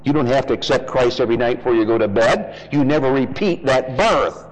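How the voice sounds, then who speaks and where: A man's voice: medium pitch, a little fast, big-room sound, poor audio. A man preaching a verse-by-verse Bible sermon, reading scripture aloud and explaining it to his congregation.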